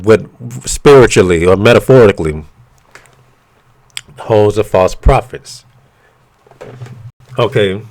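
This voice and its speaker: A man's voice: medium pitch, darkish tone. A man ranting bluntly and profanely to camera, retelling an argument with quoted back-and-forth. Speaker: vlogger. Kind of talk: casual ranting monologue.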